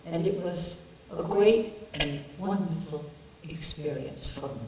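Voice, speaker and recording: A woman's voice: low-pitched, a little slow, a little mellow, reverberant, recorded from a distance, slight background noise, rough recording. A woman, an actress joining a film Q&A remotely, giving a heartfelt, earnest and emphatic speech. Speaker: actress guest on a remote video link.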